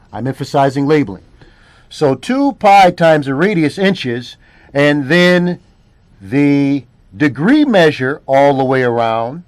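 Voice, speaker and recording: A man's voice: a little high, dry recording. A male math teacher working through a word problem step by step, often repeating phrases and checking in with "all right?". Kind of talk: classroom lesson walking through a problem.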